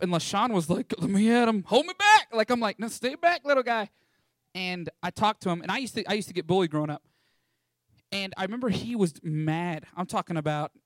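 In his testimony, a young ministry school student from Texas animatedly and playfully recounts a story to an audience, doing the voices of the people he mentions. His voice is slightly high for a man, captured dry and close with little room reflection and no echo.

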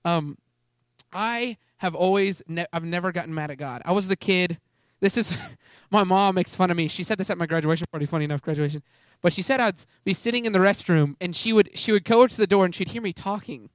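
A man's voice: sits high, a little fast, no room sound, studio quality. A young man giving an earnest, rambling testimony sermon, often restarting his sentences. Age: young adult. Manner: earnest, rambling, self-interrupting. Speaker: speaker at a youth ministry gathering.

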